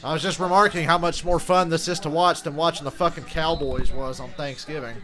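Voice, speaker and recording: A man's voice: fairly high pitch, fairly even intonation, fairly quick. A man hosting a casual live reaction to a football game, chatty and swearing freely. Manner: chatty, swears casually, jokes about impressions. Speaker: reaction video host.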